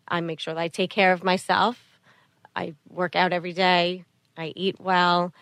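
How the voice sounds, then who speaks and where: A middle-aged woman, a mother, speaking as an interview guest in a soft, earnest way, often repeating her phrases. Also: lowish voice, little pitch movement, normal speed, clear, resonant tone, dry recording. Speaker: guest, mother of a sick child. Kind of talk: interview conversation.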